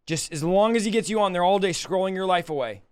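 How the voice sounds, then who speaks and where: A man's voice: high voice, fast, smooth. A middle-aged man preaching a sermon and praying, impassioned and pleading, often acting out both sides of a dialogue. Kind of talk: sermon with prayer.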